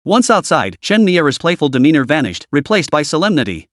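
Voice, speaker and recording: A man narrating a fantasy story in steady scripted narration. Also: fairly quick, few pauses, no room sound, clean studio sound. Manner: steady storytelling with animated pitch.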